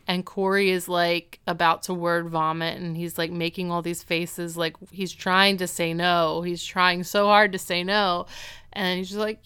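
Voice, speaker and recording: A woman's voice: on the low side, level tone, measured pace, pushed and bright, smooth. A woman in her thirties co-hosting a podcast, chatting and animatedly retelling a TV episode. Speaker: podcast co-host. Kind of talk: casual recap chat.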